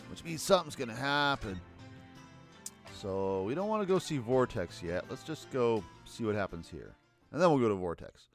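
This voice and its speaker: A man's voice: mid-range voice, very animated, normal speed, faint music behind. A man streaming a video game, giving wry, joking commentary between character voices. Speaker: let's play streamer.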